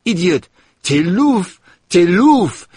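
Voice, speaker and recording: A man voicing a loud, excitable Frenchwoman who shouts insults in a storybook reading. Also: mid-range voice, unhurried, slightly rough, no echo, clean studio sound. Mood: furious. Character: loud excitable scolding Frenchwoman, heavy and stout.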